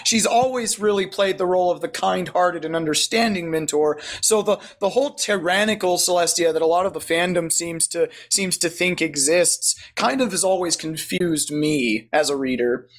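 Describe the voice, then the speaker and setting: A man's voice: high-pitched, normal speed, hardly any pauses. A man hosting a casual podcast interview, thoughtful and affirming as he reflects on the guest's answers. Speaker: podcast host.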